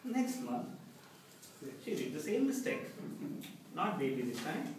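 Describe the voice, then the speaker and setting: A man's voice: sits high, sing-song, drawn-out words, pauses often. A middle-aged man giving a humorous prepared speech to a club, telling stories with acted quotes. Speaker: club speaker. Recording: echoey hall from far off, background noise.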